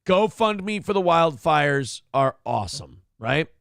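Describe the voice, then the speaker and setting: Man, talk show host, swearing, exasperated, high voice, gravelly, dry sound. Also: sing-song, slow pace, fairly bright tone, no echo. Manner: profane, exasperated, ranting. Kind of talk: casual talk show rant.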